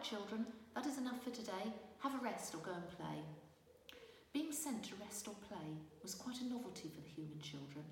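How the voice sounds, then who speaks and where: A woman's voice: lowish voice, slight background noise. Woman reading a storybook in an echoey room. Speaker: audiobook narrator. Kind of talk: storybook narration. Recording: roomy distant reverberant recording with faint ambience.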